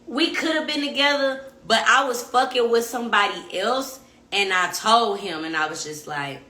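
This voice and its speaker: A young adult woman, hosting a podcast and telling a story in blunt, profane, animated casual talk. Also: fairly high pitch, moderate pace. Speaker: podcast host. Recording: echoey room.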